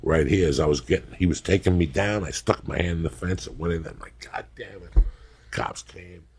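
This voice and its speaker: A man's voice: deep voice, brisk, a little mellow, slightly rough. A middle-aged man hosting a podcast, telling rambling, profane stories and laughing often as he goes. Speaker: podcast host. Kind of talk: casual podcast storytelling.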